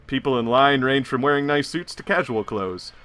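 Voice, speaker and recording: A man's voice: medium pitch, moderate pace, a bit bright. A man narrating a tabletop horror game as game master, telling the scene like a story. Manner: storytelling, with chuckles.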